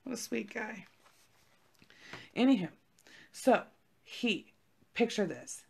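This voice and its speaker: A woman's voice: fairly high pitch, expressive, slow, creaky, darkish tone, slightly rough. A young woman co-hosting a podcast, telling a story in a laid-back, profane chat full of "like". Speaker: podcast co-host. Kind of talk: casual chat.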